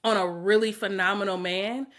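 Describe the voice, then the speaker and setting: A woman spins a dating story on a podcast in loose, profane, lively chat. She swears freely, laughs often and acts out the lines of everyone in the story. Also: medium pitch, normal speed. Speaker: podcast host.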